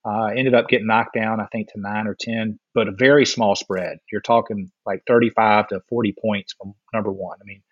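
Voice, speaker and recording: A man's voice: on the low side, brisk, hardly any pauses, slightly rough, no room sound, highs cut off. A man in casual chat, animatedly telling a story and acting out what others said. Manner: animated storyteller, acts out quotes.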